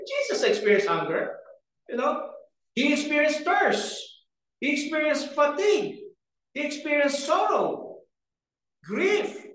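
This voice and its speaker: A man's voice: extremely high pitch, a bit bright. A man preaching a sermon in a church, earnest, repeating key phrases for emphasis and asking the congregation questions. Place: church hall. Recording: echoey room, picked up from a distance.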